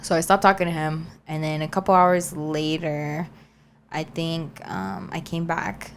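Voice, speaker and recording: A young woman co-hosting a podcast, telling a story in a chatty, animated way with lots of fillers. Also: sits low, measured pace, slight background noise. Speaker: podcast co-host. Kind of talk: casual storytelling chat.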